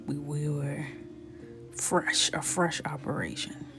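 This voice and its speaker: Low-voiced woman hosting a coloring stream. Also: slow, over music. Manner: chatty and animated, often dropping to a near whisper. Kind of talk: casual storytelling while coloring.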